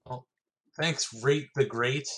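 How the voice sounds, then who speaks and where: A man co-hosting a casual podcast in a mid-pitched, ordinary voice. He talks in quick banter, laughing often and swearing freely. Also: steady tone, slightly rough. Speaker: podcast co-host. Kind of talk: casual chat.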